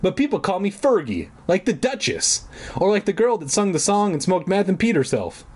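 A man's voice: sing-song, normal speed, husky, exaggerated voice. A man voicing an odd, jittery young girl from the woods in a raised, nervous voice, read from a children's spooky book. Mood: chatty. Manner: high, nervous, breathless.

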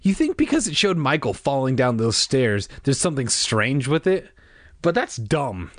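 A man's voice: medium pitch, very animated, moderate pace, no echo, studio quality, pitched above the performer's own voice, natural voice. A man voicing a mischievous, cocky boy who whines and scoffs. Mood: dismissive. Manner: whiny, protesting.

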